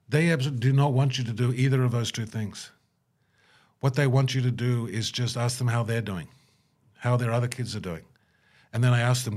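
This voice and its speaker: In a reflective interview, a man speaks earnestly about his humanitarian work, performing bits of quoted dialogue with a rising pitch. He talks at a normal speed with fairly even intonation and a darkish tone.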